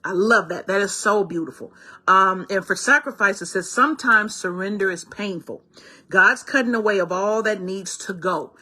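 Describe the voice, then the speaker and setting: A bright, husky woman delivers an impassioned spiritual card reading. She speaks straight to her listeners and calls them baby and her loves. Her tone is exclamatory and heartfelt. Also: medium pitch, moderate pace. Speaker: spiritual guide.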